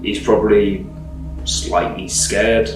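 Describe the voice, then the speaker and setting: A man with a lowish voice walks through legal points in a measured, disapproving tone. He sounds set back from the mic in a roomy space. Faint music plays underneath. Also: steady tone, far from the mic. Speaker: commentator. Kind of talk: reaction commentary explaining law.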